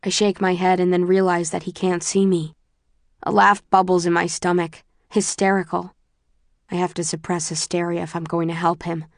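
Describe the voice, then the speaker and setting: A woman narrating a first-person audiobook in a measured, subdued way. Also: on the low side, flat delivery, no room sound, clean studio sound.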